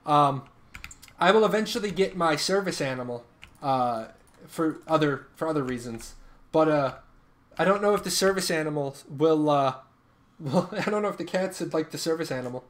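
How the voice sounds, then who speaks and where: A man's voice: fairly high pitch, lively intonation, moderate pace. A man from Ireland chatting casually on a live game stream, telling rambling stories and often restarting his sentences.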